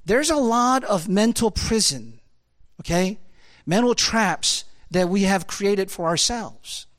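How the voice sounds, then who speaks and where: Man, preacher, casual sermon, animated, lots of fillers. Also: high voice, slow. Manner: animated, conversational, many fillers.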